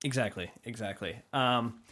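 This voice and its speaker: A man's voice: mid-range voice, moderate pace, pushed and bright. A man co-hosting a podcast in casual conversation, thoughtful and hedging, often restarting his sentences as he works through ideas. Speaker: podcast co-host.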